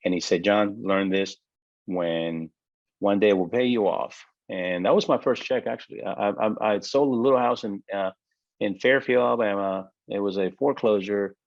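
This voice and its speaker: A man telling his personal story in an interview, with emotional, halting delivery and many fillers. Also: on the low side, creaky, no room sound, dull audio. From United States. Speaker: interview guest, business owner.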